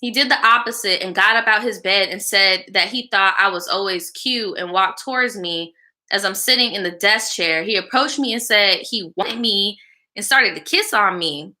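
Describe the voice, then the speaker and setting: A woman's voice: mid-range voice, normal speed, pushed and bright. A woman hosting a live show, reading a viewer's story aloud and then giving blunt, slangy advice while chatting back to viewers. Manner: blunt, casual and slangy, with frequent swearing; chats back to live viewers between lines.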